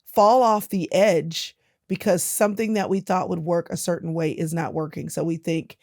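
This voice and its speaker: Woman host, dry close sound, talks fast and encouraging. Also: on the low side, fairly even intonation, darkish tone, dry recording. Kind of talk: casual interview chat.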